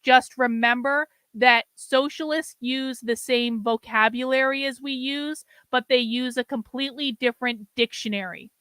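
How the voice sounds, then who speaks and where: A woman's voice: high-pitched, steady tone, moderate pace, few pauses, fairly bright tone, clean tone, no room sound. A woman hosting a livestream, commenting bluntly on a clip and lecturing her chat, with frequent swearing. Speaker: host reacting to a stream.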